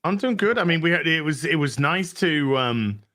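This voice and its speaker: Lively bright-voiced male host. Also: fairly high pitch, moderate pace. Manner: jokey, mimics accents. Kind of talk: casual chat.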